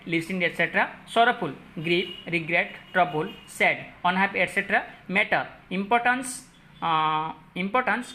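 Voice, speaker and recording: Woman teacher, Odia English accent, crisp bright tone, halting, lots of fillers while listing word meanings. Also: lowish voice. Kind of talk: classroom lesson explaining a story.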